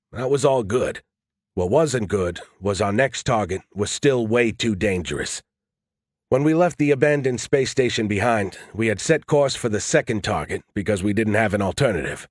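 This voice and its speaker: A man's voice: fairly low pitch, no room sound, studio quality. A man narrating a first-person audiobook in a wry, self-deprecating way.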